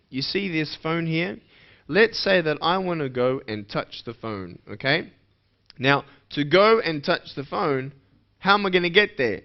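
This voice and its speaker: A man giving a motivational speech to schoolchildren in a playful way, asking the audience questions. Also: fairly high pitch. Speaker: motivational speaker. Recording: dull lo-fi recording.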